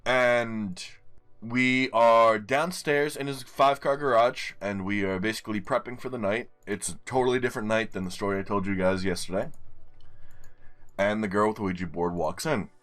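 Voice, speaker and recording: Low-voiced man telling a story while gaming. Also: moderate pace, soft background music. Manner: animated storytelling, casual swearing. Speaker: game streamer. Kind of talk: casual gameplay commentary and storytelling.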